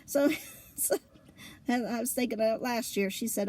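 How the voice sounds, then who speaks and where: A woman telling a funny personal story in a lively, colloquial way, laughing often between lines. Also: a little high, a little slow. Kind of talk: casual spoken storytelling.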